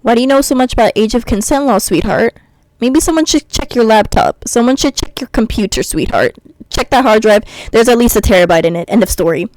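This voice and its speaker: An American woman vlogger launches into a blunt, sarcastic rant, mocking her commenters in sing-song voices. Her voice is on the high side with a darkish tone and a quick pace. The recording has no echo but sounds rough.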